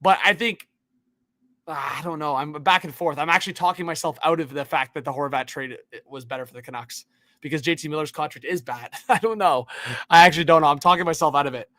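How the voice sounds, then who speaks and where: A man's voice: on the high side, fast, no echo. Dude ranting on a hockey livestream, says bro and man a lot, dry close mic. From Canada. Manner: animated ranting, swings from muttering to incredulous shouting, slangy "bro" and "man". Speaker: hockey YouTube livestream host. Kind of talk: live-stream hockey rant.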